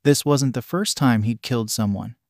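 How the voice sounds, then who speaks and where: A man narrates a dark fan story in an even, literal read that spells out symbols. His pitch sits mid-range, and the sound is dry and close to the mic. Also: normal speed, dry recording.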